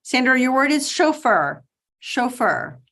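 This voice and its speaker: A woman acting as spelling bee pronouncer, enunciating each word slowly and clearly over a video call. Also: high-pitched, sing-song, a bit bright. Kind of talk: reading words and sentences aloud.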